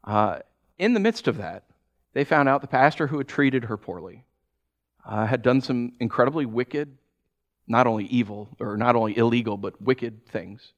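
A man's voice: mid-range voice, normal speed, highs cut off. A pastor preaching a sermon, talking animatedly and acting out the people he quotes. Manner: animated, acts out quoted voices.

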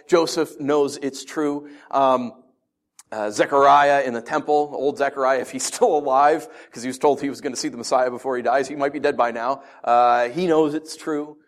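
A man preaching a conversational sermon, telling stories and asking his listeners rhetorical questions. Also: on the high side. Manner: animated storytelling with rhetorical questions. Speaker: pastor.

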